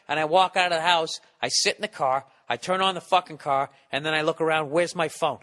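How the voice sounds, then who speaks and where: Slightly high and a little fast, a bit bright in tone, this man in his forties hosts a podcast, riffing profanely and at his own expense while mimicking people in exaggerated voices. It's recorded on a studio podcast mic with a windscreen but sounds like a large hall.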